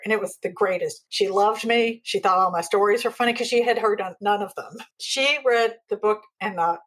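A woman in her fifties, a guest author chatting in an interview, telling animated stories and acting out quoted lines. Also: mid-range voice, breathy edge, low-quality recording. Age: 50s. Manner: animated storytelling, acts out quotes. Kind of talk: casual interview chat.

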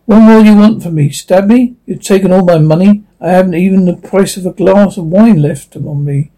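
A man's voice: sits high, normal speed, dark tone, rough recording. A man doing a whining, cowardly officer. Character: cowardly, peevish male officer.

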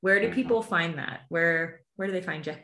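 A woman's voice: lowish voice, normal speed, reverberant. A woman hosting a podcast, talking casually and often tagging her points with "right?". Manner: warm, conversational, tags phrases with "right?". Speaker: podcast host. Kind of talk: casual interview chat.

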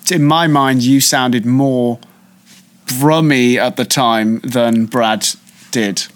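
A man co-hosting a podcast in casual chat, talking in a chatty, animated way. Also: medium pitch, takes it slowly. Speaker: podcast co-host.

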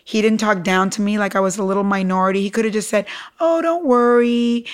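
In a smooth, mid-range voice, she races through her story as a guest on a podcast interview. She's a middle-aged entrepreneur from Cuba, animated and emphatic, acting out quotes along the way.

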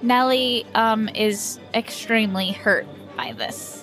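A tabletop player narrating her character's feelings in a casual, chatty way. Her voice sits fairly high, with faint music underneath. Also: very animated, takes it slowly, fairly bright tone. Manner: chatty, a little scattered.

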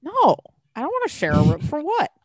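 A woman co-hosting a podcast, talking casually, an animated storyteller who swears freely. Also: high-pitched, brisk, no echo, clean studio sound. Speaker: podcast co-host. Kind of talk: casual chat.

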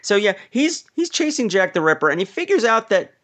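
A podcast co-host chatting casually about a film and acting out quoted lines in an animated way. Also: mid-range voice, fairly quick.

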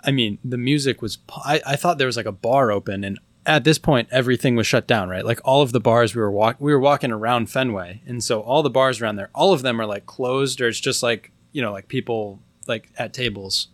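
A man's voice: mid-range voice, fairly quick, hardly any pauses, dry recording. Rambling casual man, dry sound. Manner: rambling, filler-heavy speech with many likes. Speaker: podcast co-host. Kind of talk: casual chat.

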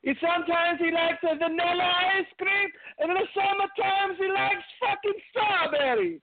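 A man doing an impression of an excitable older man with a thick French accent that slides toward Italian, high and shouty. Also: normal speed, creaky. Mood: exasperated. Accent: attempted French, drifting Italian. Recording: tinny phone-like line, dry.

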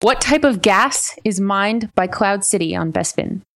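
A woman running a casual podcast quiz, reading questions briskly and laughing easily along with the players. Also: mid-range voice, lively intonation, a bit bright. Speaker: quiz host.

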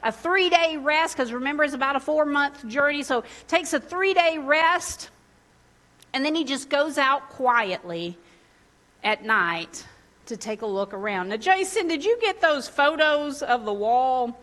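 A woman giving a sermon, telling a personal story in an animated way and laughing often. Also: sits high, unhurried. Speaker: preacher.

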